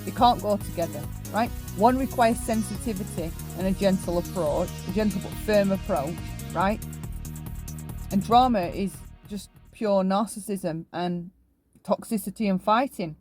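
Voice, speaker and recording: A commentary channel host, this woman talks at a moderate pace in a mid-range voice with music underneath. Her delivery is emphatic, and she often ends points by asking "right?"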